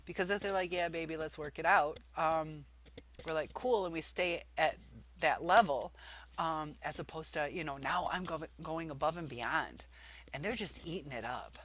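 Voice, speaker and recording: A woman's voice: low-pitched, moderate pace, a bit bright. A woman vlogger talking casually about relationships, rambling with many fillers and restarts. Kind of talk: casual advice talk.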